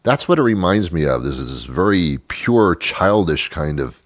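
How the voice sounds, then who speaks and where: A man's voice: low voice, very animated, normal speed, hardly any pauses, no echo. A middle-aged male show host delivering a rambling, sardonic comedic rant, chuckling at his own jokes.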